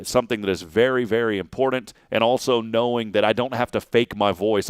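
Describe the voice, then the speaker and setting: Man with a smooth, dry voice. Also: on the low side, no echo. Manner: earnest, lists points like a teacher. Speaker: co-host. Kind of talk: casual chat.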